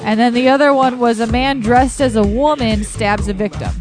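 High-voiced woman reading news stories. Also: steady tone, moderate pace, over music. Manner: reads stories aloud, hesitant with ums. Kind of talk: casual radio show chat.

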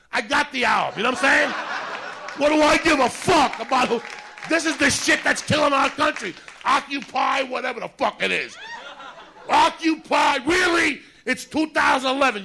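Male stand-up, bright gravelly voice, loud mocking profane rant. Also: extremely high pitch, normal speed, a faint crowd, a little hiss or hum. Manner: loud, mocking, swearing constantly. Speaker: comedian.

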